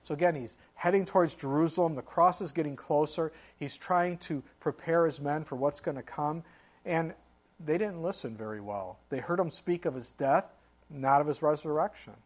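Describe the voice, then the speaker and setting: A man's voice: fairly high pitch, moderate pace, highs cut off. A man preaching a sermon as pastor, talking in an earnest, conversational way with many fillers.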